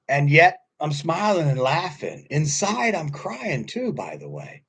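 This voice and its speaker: A man in his fifties giving a casual sermon, telling stories in a husky voice that swings from quiet asides to loud bursts. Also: on the high side, a little slow. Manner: animated storytelling, swings from quiet to loud, laughs often. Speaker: pastor.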